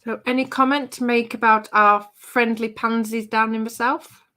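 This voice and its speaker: Woman host of a craft livestream, fairly high voice, bossy, giggly banter. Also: fairly even intonation, moderate pace, bright, forceful tone. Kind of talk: casual live chat banter.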